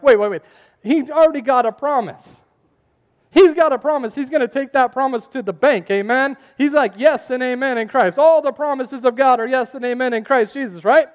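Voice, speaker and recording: Pastor, male, very high voice, lively preaching with questions to the crowd, reverberant hall. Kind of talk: sermon.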